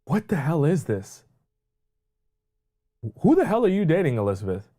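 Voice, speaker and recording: A man hosting a live dating advice call-in show, ranting loudly and crudely mocking a caller's ex with drawn-out emphatic lines. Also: fairly high pitch, wildly swooping pitch. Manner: loud, mocking, crude rants. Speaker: dating coach host.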